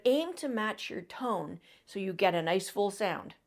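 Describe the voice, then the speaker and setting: A woman's voice: mid-range voice, lively intonation, unhurried. A woman teaching trumpet in an instructional video, coaching encouragingly with breath cues and demonstrations.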